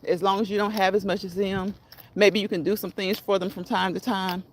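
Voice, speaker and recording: A woman's voice: medium pitch, flat delivery, fairly quick, slight background noise. A woman hosting a live stream, chatting casually, repeating her phrases and encouraging her viewers. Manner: repetitive, encouraging, laughs at own phrases. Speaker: livestream host.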